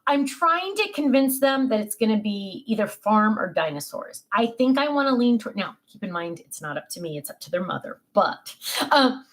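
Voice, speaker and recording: An older woman, a grandmother, chatting casually and telling family stories with many fillers and restarts. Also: medium pitch. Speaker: craft vlogger. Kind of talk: casual chat.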